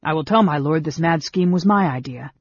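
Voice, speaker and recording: A man voicing a proud, haughty young male dark knight who talks coldly and triumphantly in an audiobook. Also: on the high side, a little fast, slightly rough, dry recording, muffled recording.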